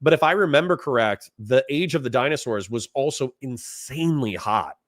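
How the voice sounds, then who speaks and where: A man's voice: mid-range voice, animated, moderate pace, no room sound, clean studio sound. A man from Florida hosting a casual livestream, reading out chat donations and rambling bluntly in reply. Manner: rambling and blunt, reads chat messages aloud.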